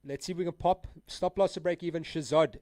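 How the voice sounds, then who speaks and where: A man's voice: a little high, fairly even intonation, a little fast, a little mellow, no room sound. A man live-streaming his trades, talking casually and full of slang while he answers chat and calls out trades. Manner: casual, slangy, addresses viewers as guys and dude.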